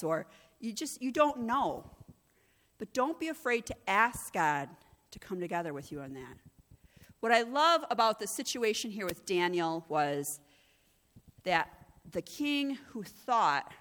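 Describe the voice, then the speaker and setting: A woman's voice: fairly low pitch, fairly bright tone. A woman pastor giving a conversational sermon, growing emphatic and intense at moments. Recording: long hall reverb.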